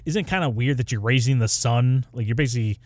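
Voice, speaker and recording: A man's voice: medium pitch, fast talker, dry recording. A man co-hosting a casual podcast, rambling and hesitant as he ranks characters, with a playful edge. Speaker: podcast co-host. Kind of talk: casual chat.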